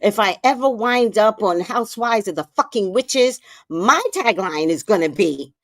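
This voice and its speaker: A woman hosting a livestream, telling a story in a casual, animated way, with hushed asides and loud, profane outbursts. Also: medium pitch, normal speed, no echo. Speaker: livestream host.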